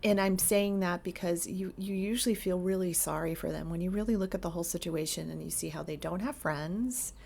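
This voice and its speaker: Earnest woman therapist, low voice. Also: brisk, gravelly, few pauses, darkish tone. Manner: earnest and emphatic, stacks up lists of traits. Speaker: therapist giving advice. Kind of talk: direct-to-camera advice talk.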